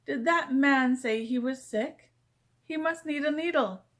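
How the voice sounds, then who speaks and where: Needle-happy storybook doctor, a woman voicing her, brisk, sing-song, high. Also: fairly bright tone. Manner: drawn-out, sing-song dismissals.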